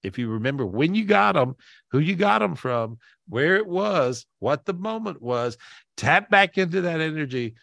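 A man's voice: medium pitch, gravelly, a bit bright, dry recording, studio quality. A man hosting a live podcast over a video call, teary and emotional, rambling and repeating himself. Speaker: host.

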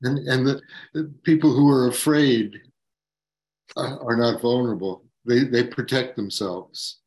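Slow, calm man on a video call. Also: medium pitch. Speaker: guest, writer. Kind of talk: live video-call podcast chat.

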